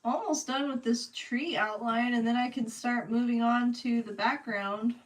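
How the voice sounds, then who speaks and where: A woman's voice: a little high, fairly even intonation, unhurried. A woman chatting casually with her viewers while she paints on a live stream, answering them by name and laughing often. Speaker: livestreaming artist. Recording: voice a bit distant from the mic.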